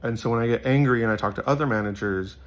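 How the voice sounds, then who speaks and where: A man's voice: mid-range voice, quick pace. A young man giving casual, earnest commentary on Bible verses, rambling with many fillers. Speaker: Bible study vlogger.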